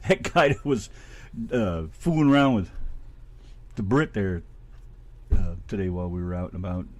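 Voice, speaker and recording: A man's voice: low voice, normal speed. A middle-aged man from Ohio with a Midwestern American accent, co-hosting a radio show in rambling, casually profane chat.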